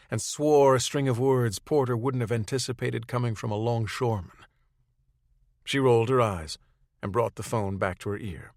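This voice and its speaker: A man reading a third-person audiobook chapter in a steady, matter-of-fact way. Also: fairly low pitch, normal speed, no echo, clean studio sound. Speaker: audiobook narrator.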